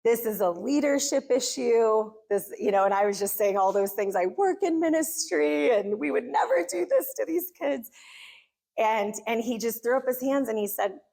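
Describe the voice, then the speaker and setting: A middle-aged American woman speaking to a church gathering, telling a personal story in an earnest, animated way. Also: fairly high pitch, normal speed, gravelly. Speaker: conference speaker. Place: church hall.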